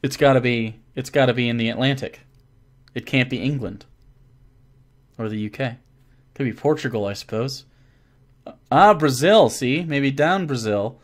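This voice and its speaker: Rambling, animated male dungeon master. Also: mid-range voice, moderate pace, long pauses. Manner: rambling, animated, swears freely, trails off with fillers. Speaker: dungeon master answering viewer questions. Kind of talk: casual livestream Q&A.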